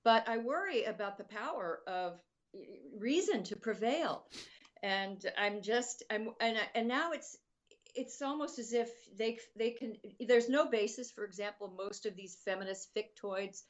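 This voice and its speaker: A woman's voice: fairly high pitch, measured pace, lo-fi sound. A woman answering interview questions thoughtfully, with hesitant restarts. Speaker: guest author.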